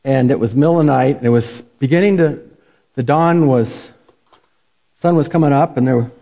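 A man's voice: mid-range voice, moderate pace, vocal fry. A man preaching a sermon, telling the story in a folksy, conversational way. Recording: dull lo-fi recording.

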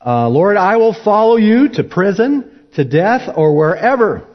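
Brief: man doing a brash, emphatic disciple; fairly high voice, muffled lo-fi recording. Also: big pitch swings, a little slow, long reverb tail, exaggerated voice. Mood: boastful. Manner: emphatic, insistent. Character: boastful loudmouthed male disciple. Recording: dull lo-fi recording.

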